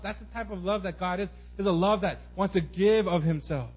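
Male pastor, conversational sermon, slightly high voice, animated delivery, dull lo-fi recording. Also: fairly quick, few pauses, husky. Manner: animated storytelling, acts out his son's excited squeals; conversational, keeps asking "right?".

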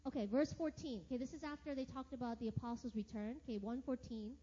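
Woman Bible teacher, middle-aged, high but mellow voice, chatty and upbeat, lo-fi sound with long reverb. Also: fairly even intonation, fast talker, husky. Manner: chatty, upbeat, says okay often. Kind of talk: casual Bible teaching with scripture reading.

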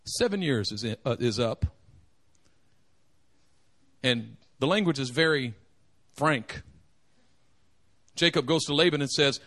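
A man preaching a sermon, animated and joking, acting out the quotes. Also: mid-range voice, slow, long pauses. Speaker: pastor.

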